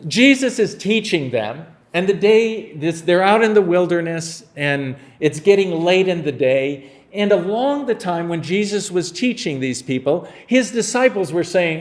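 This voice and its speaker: A man preaching a sermon, his voice sitting a little higher than most men's. He talks the congregation through a Bible passage like a conversation. He slips into playful, humorous retellings of the scenes. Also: sing-song, measured pace. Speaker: pastor.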